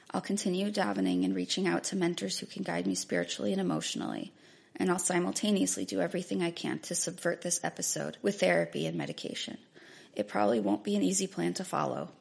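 A woman reading her first-person memoir aloud in an earnest, measured, introspective way. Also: fairly low pitch, vocal fry, husky. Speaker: memoir narrator.

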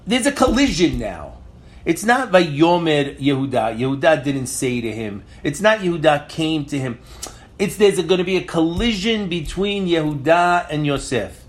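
A man with a high voice leads a Torah class lecture. He reads Hebrew verses aloud and then explains them in English. He retells the commentary dramatically, pressing questions as he goes. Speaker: Torah teacher.

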